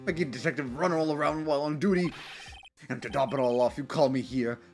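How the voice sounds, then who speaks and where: A man voicing a gruff, loud male police detective who speaks bluntly and calls people pal, reading game dialogue aloud. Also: medium pitch, brisk, soft background music, close to an everyday voice. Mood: annoyed.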